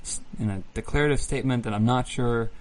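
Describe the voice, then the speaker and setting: A young man co-hosts a podcast in loose, rambling casual chat. He jokes around, restarts his sentences often and trails off mid-thought, in a mid-pitched voice. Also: quick pace, a little hiss or hum. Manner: rambling, joking, many restarts. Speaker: podcast co-host.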